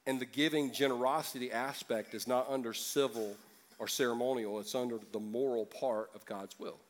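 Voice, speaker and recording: A man's voice: mid-range voice, steady tone, normal speed. A man preaching a sermon as pastor, joking and acting out voices from the congregation.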